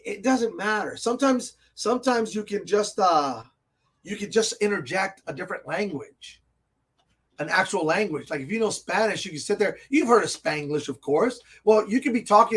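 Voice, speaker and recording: A man hosting a casual live tabletop gaming show from a comic and game shop, talking in a rambling, excitable way and laughing often. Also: high-pitched, breathy edge. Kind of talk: casual live stream chat.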